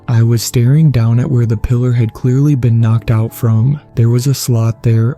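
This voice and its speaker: A man narrates a horror tale in a deep, mellow tone. His delivery stays level and measured, with little rise and fall. Soft music plays faintly behind him. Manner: even, measured storytelling.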